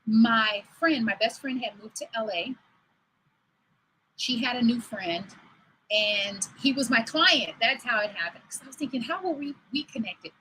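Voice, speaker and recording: A woman's voice: on the high side, sharp tone, slight background noise, poor audio. Chatty woman hosting a livestream. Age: over 40. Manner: chatty storytelling, acts out quoted dialogue. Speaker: host. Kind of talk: livestream talk. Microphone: livestream computer mic.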